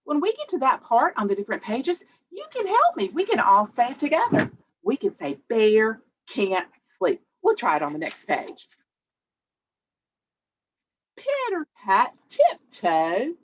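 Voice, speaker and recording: Brief: woman librarian, kids' storytime, slow and animated, bouncy pitch, dull lo-fi audio. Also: a little hiss or hum. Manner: animated, sing-song, gasps for effect. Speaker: children's librarian, storytime host. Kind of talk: children's storytime read-aloud.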